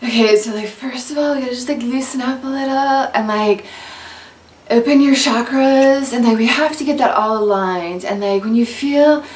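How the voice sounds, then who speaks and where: A woman voicing a dreamy, laid-back hippie who talks slowly about love and chakras. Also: on the high side, echoey room, distant mic, voice pushed up, close to an everyday voice. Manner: slow, spacey, fading soft.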